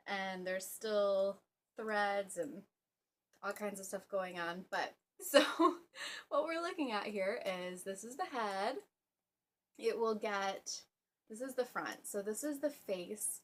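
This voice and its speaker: A young woman hosting a casual knitting vlog at home, chatty and relaxed, full of ums and little laughs. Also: medium pitch. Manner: chatty, with fillers and soft laughs. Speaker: knitting podcast host. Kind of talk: casual show-and-tell vlog.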